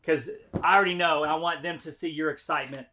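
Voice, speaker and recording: A man's voice: fairly high pitch, fairly even intonation, quick pace, bright, forceful tone, slight background noise. A man vlogging as he unboxes items, chatting casually and thinking aloud about prices and profit. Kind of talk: casual chat.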